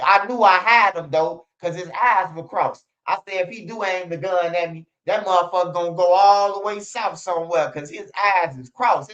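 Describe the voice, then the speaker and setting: A man, a street news blogger telling stories in a casual, animated, profane monologue, acting out other people's voices. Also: on the high side, muffled recording.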